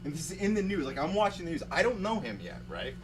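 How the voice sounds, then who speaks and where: A man's voice: fairly high pitch, big pitch swings, quick pace, noisy background. A man hosting a casual talk show, telling a story in a rambling way with lots of fillers and laughs. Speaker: podcast host. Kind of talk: casual chat.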